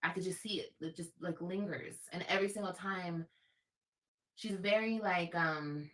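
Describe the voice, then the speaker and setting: A woman's voice: lowish voice, moderate pace, a bit bright. A woman talking live to her viewers, repeating herself and sinking to a near-whisper, often tearful. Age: adult. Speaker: livestream host. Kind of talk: emotional livestream talk.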